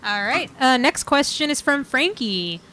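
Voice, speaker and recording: A woman co-hosting a casual podcast, upbeat, reading out listener questions slowly and clearly. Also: high voice, big pitch swings, noisy background. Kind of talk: casual chat.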